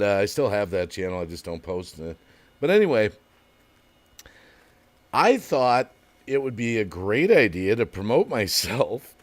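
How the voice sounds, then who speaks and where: A man hosting a casual livestream, reading viewer comments aloud, chatting and laughing often. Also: medium pitch. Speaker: livestream host.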